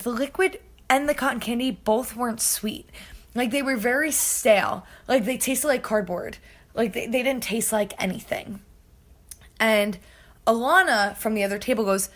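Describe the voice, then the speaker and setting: A young woman with a slightly high voice tells a story in a loose, chatty podcast style. Her talk is full of "like", and she acts out the people she quotes. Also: moderate pace, fairly bright tone. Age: young adult. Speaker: podcast host. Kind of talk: casual storytelling.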